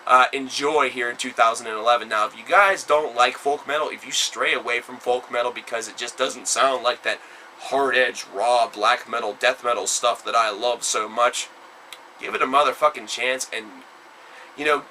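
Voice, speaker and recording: Male reviewer, very bright and forceful tone, rambling, filler-heavy, breaks into loud emphatic bursts. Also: mid-range voice, fairly even intonation, normal speed, a little hiss or hum, rough recording. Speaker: album reviewer. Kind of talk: casual spoken review.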